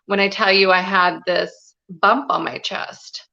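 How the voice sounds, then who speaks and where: A woman's voice: mid-range voice, fairly even intonation, measured pace, creaky, pushed and bright, highs cut off. A woman guest telling a personal story in a live interview, earnest and confiding, with many "you know" fillers. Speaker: guest, spiritual and business mentor.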